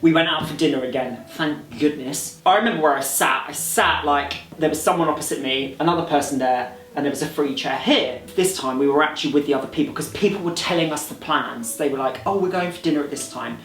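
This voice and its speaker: A man's voice: on the high side, a little fast, hardly any pauses, a bit bright, a little hiss or hum. A man telling a storytime anecdote on his channel, laughing often and acting out what other people said. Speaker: vlogger. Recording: roomy echo with faint music.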